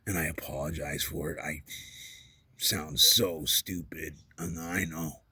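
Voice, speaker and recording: A man's voice: a bass voice, fairly even intonation, measured pace, sharp tone, slightly rough, no echo. A man talking in a rambling, self-deprecating vlog monologue, often dropping to a whisper, recorded outdoors at night.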